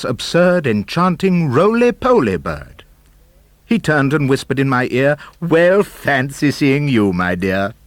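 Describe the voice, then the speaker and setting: A man narrating a children's book of comic verse, animated, theatrical and rhythmic. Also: mid-range voice, dry recording. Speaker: audiobook narrator. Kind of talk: expressive storybook verse reading.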